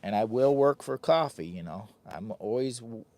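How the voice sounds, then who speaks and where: A man's voice: medium pitch, animated, normal speed, noisy background. A man hosting a casual camping vlog from inside a heated tent. He talks in a goofy, rambling, hyped-up way into a phone camera. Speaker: vlogger host.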